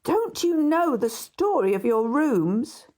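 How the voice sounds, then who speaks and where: A woman voicing a gossipy male Victorian barrister neighbour in an audiobook, confiding and hushed at times. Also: medium pitch, very animated, measured pace. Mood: gossiping.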